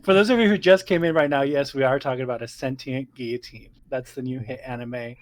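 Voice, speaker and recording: A man co-hosting a game stream, joking around in quick, playful banter. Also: medium pitch, steady tone. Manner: jokey, quick, laughs a lot. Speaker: co-host. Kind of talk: casual let's-play chat.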